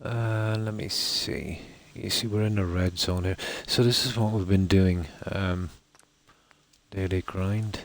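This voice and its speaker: A man's voice: low voice, fairly even intonation, slow. A man from Ireland with an Irish Midlands accent, chatting casually with viewers while he plays, rambling with many fillers. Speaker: streamer.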